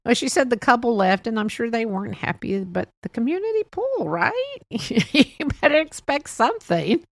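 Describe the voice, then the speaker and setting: A woman's voice: on the high side, sing-song, moderate pace, no room sound. Chatty older woman, dry close sound. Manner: chatty, rambling storytelling with frequent laughs. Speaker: podcast host. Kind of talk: casual monologue.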